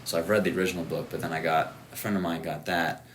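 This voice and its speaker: A low-voiced man hosts a relaxed catch-up conversation, rambling a bit and teasing his friend. He leans on "like" as a filler. A faint background hum runs under his voice. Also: quick pace. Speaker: host. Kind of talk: casual chat.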